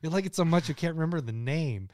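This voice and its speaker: A man in his thirties chats casually as a podcast co-host. His voice is smooth and slightly high, and he laughs often and tells stories with animation. The recording is dry and close. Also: quick pace, darkish tone, dry recording. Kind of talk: casual chat.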